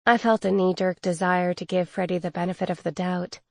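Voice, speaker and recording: A woman reading a cozy mystery audiobook in first person with a steady, even storytelling delivery. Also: on the low side, brisk, vocal fry, no room sound, clean studio sound. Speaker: audiobook narrator. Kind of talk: scripted first-person narration.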